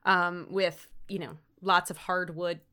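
A woman's voice: on the low side, little pitch movement, takes it slowly, sharp tone. A woman co-hosting a casual podcast, walking through a TV episode in a loose, chatty way. She rambles, leans on "like" constantly and laughs between points. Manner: chatty, rambling with many "like" fillers, laughs often. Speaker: podcast co-host. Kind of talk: casual chat recapping a TV episode.

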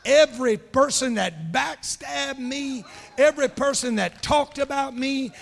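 A man preaching a sermon in a church, telling a story and building to passionate shouting. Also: very high-pitched, unhurried, vocal fry, in a large hall.

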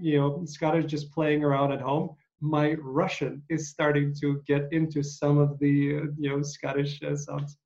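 A man's voice: a little high, little pitch movement, moderate pace, few pauses, a little mellow. A man hosting an interview, telling stories in a rambling, hesitant way with many uhs. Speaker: podcast host. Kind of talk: casual interview chat. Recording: dull lo-fi sound.

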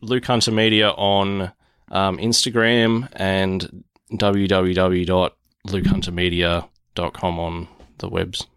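A man's voice: low-pitched, level tone, takes it slowly, fairly bright tone, clear, resonant tone, dry recording. A man as a podcast guest in casual chat, easygoing and agreeable. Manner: easygoing, agreeable, laughs often.

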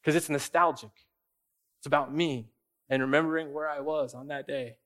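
Animated man preaching a casual sermon. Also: fairly high pitch, moderate pace. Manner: conversational, acts out quoted voices, emphatic. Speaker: pastor.

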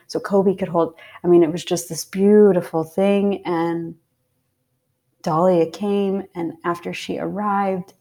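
A woman from Pennsylvania, a podcast guest, telling a personal story in a heartfelt way, sometimes dropping to a soft whisper. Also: low voice. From Pennsylvania, USA. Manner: heartfelt, drops to soft whispers when recalling intense moments. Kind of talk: casual storytelling.

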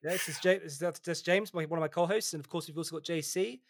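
A young man hosts a casual tabletop gaming chat, talking fast and a touch high for a man. He tends to repeat words as he goes. His voice sounds close and dry, with no room around it. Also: dry recording. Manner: quick, chatty, repeats words. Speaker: podcast host.

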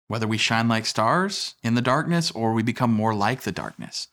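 A man in his thirties preaching a sermon in a relaxed, conversational way, mixing scripture with self-deprecating family stories. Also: fairly low pitch. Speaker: pastor.

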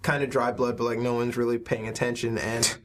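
A man running a tabletop role-playing game, narrating scenes in a relaxed, rambling way with many fillers. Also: medium pitch, a little fast, slight background noise. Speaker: game master.

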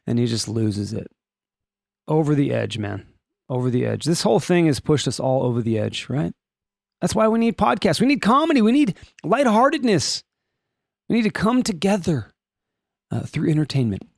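A middle-aged man hosts a comedy news podcast with a lively voice that swoops up and down. His pitch sits a bit high for a man. He is recorded close to a dry microphone. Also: normal speed, gravelly, long pauses, dry recording. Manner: joking, animated, puts on silly voices for quotes. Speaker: podcast host. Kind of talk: casual comedic news chat.

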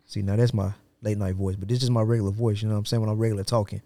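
A man's voice: fairly low pitch, little pitch movement, racing, mellow, dry recording. A man co-hosting a casual podcast, joking and slangy, talking into a studio mic. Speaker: podcast co-host.

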